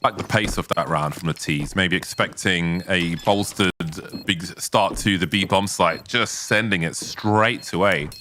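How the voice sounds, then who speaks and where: A man gives esports commentary with a bright, forceful tone. He talks through the match in an easy conversational way and lifts his voice for the key calls. Faint noise sits under the voice. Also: sits low, unhurried, hardly any pauses. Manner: conversational, rises to excited calls. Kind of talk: play-by-play and analysis commentary.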